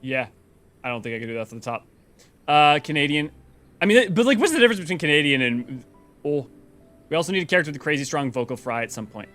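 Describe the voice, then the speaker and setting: A man's voice: on the high side, lively intonation, fast talker, pauses often, fairly bright tone, soft background music. A man hosting a game lore stream, chatting casually and rambling in a self-deprecating way while reading a story. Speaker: lore channel host.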